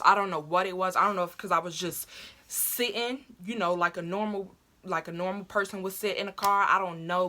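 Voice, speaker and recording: Young woman vlogger, bright and forceful, animated, profane storytelling. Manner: animated, profane, acts out her own past lines in high cries. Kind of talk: casual storytelling to camera.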